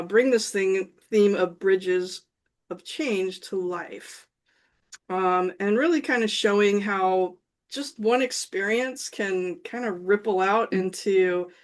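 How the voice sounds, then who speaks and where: A woman moderating a panel at an event, introducing speakers in a halting way with many restarts. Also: mid-range voice. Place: event room with an audience.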